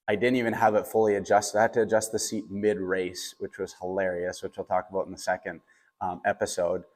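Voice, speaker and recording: A young man with a voice on the low side tells a personal story casually and with animation, using lots of fillers and quoting dialogue.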